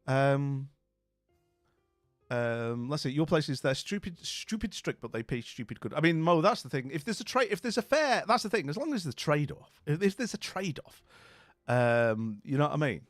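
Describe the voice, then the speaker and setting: A man's voice: on the high side, sing-song, normal speed, no room sound. A man chatting with his stream viewers, friendly and rambling, with lots of fillers and restarts. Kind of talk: casual chat.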